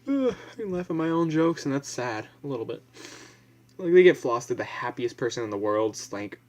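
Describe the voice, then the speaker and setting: A man's voice: mid-range voice, fairly quick, a little mellow. A young man vlogging in a casual, blunt, profane ramble, full of fillers and restarts.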